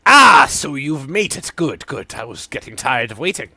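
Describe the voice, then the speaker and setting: A man's voice: mid-range voice, sing-song, normal speed, pushed and bright, no room sound, heavily acted. A man voicing an eccentric, pompous male merchant alchemist who speaks with grand flourishes. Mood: theatrical.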